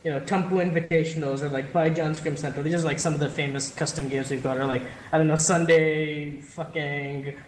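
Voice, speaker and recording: A man's voice: a little high, fairly even intonation, fairly quick, hardly any pauses, slight background noise. A young man with an Indian accent casting an esports match in a loose, joking way, swearing freely. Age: young adult. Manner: jokey, swears freely, laughs often. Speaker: esports caster. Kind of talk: casual esports commentary. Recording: echoey room.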